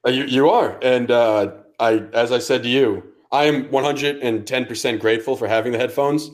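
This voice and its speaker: A man co-hosting a sports podcast, ranting with heat and plenty of swearing. He grew up in Connecticut and talks in a loose, casual chat style, with a voice pitched in the middle range for a man. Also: normal speed. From Connecticut, USA. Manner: profane, ranting, heated. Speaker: podcast co-host.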